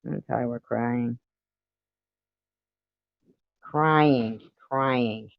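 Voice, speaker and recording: A man's voice: mid-range voice, fairly even intonation, drawn-out words, gravelly, dry recording. Name: chatty livestream host. Sex: man. Style: casual rambling chat. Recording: dull, dry. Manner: rambling, talks to viewers and pets between swearing. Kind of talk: casual chat with a live audience.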